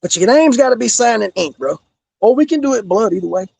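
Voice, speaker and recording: Ex wrestler guy cussing out a rival, raspy high voice, dry close mic. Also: lively intonation, fast talker, darkish tone, no room sound. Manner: menacing, profane, repeats "bro". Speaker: former pro wrestler, guest. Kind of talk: heated profane promo-style rant.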